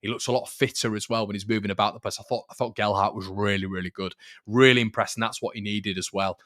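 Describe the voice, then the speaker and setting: A man's voice: on the low side, fairly even intonation, fast, fairly bright tone, dry recording, clean studio sound. A man hosting a fan channel live stream, chatting casually about football, repeating phrases and reading out viewer comments.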